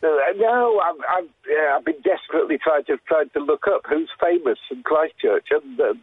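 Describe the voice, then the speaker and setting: A man's voice: a little high, lively intonation, moderate pace, slightly rough, dry recording, phone-quality sound. A man calling in to a radio phone-in on the phone, hesitant and friendly. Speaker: caller.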